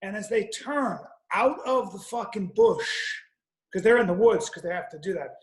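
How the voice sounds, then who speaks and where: Man, high voice, podcast storyteller, profane, rambling, roomy echo. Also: animated, moderate pace. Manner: profane, rambling, with frequent restarts. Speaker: podcast guest or co-host. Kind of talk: animated comic storytelling.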